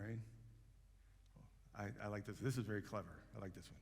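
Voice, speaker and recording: A man preaching, his low, gravelly voice carrying through a church hall with long reverb. He talks loosely and conversationally, circling back and restarting his phrases as he goes. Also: brisk, pauses often. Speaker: pastor. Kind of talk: sermon. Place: church sanctuary.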